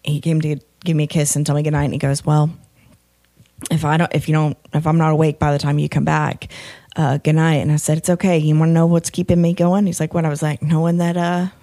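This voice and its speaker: A woman co-hosting a podcast in casual chat, telling stories with excited jumps in her voice. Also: sits low, quick pace. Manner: animated storyteller, voice jumps up when excited. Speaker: podcast co-host.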